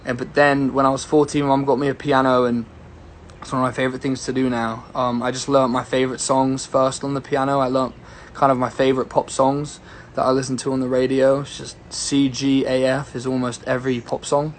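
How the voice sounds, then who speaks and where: A man's voice: medium pitch, little pitch movement, brisk, a little hiss or hum. A young man, a singer-songwriter, chatting casually on a phone livestream as he answers viewers' questions in a rambling, easygoing way. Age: young adult.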